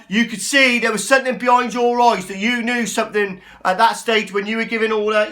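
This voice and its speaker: A man, ranting angrily to the camera from his small flat. He swears constantly and keeps tossing in "yeah?" and "right?". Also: sits high, brisk, hardly any pauses. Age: 40s. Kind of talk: angry rant to camera.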